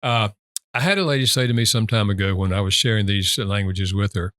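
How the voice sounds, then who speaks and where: An older man, a guest author, retelling stories in an interview chat, raising his pitch when he quotes other people and laughing lightly at his own anecdotes. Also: brisk, fairly bright tone, no room sound, studio quality.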